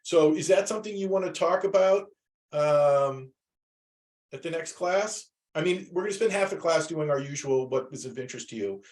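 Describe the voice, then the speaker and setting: A man's voice: on the high side, expressive, moderate pace. A man teaching a class over a video call, talking casually and rambling with many restarts.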